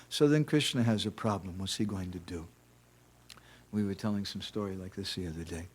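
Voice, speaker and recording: A man's voice: low voice, fairly quick, breathy edge. Guy lecturing at a temple, chatty storytelling, keeps tossing in rhetorical questions. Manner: conversational, asks rhetorical "huh?" questions. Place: temple hall.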